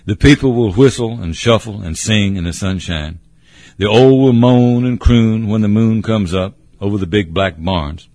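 A man's voice: fairly low pitch, moderate pace, a little mellow, no echo, natural voice. A man voicing an old male cab horse with a gurgling voice, telling his tale politely and addressing the listener as sir. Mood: wistful. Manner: polite, says sir often.

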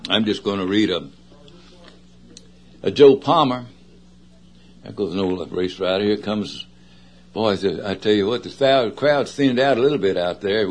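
A man with a Southern US accent hosting a radio show, talking in a casual, rambling way with many fillers and self-corrections. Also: lowish voice. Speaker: radio host. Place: radio studio.

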